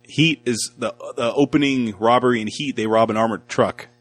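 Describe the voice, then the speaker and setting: A man's voice: medium pitch, steady tone, normal speed. A man hosting a casual movie review podcast, recapping the plot at length and thinking aloud with restarts. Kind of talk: casual chat.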